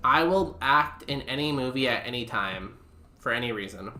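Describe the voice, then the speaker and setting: Young male streamer, rambling casual commentary, bright tone, roomy sound with music under it. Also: mid-range voice, lively intonation, moderate pace. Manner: rambling, filler-heavy chat with viewers.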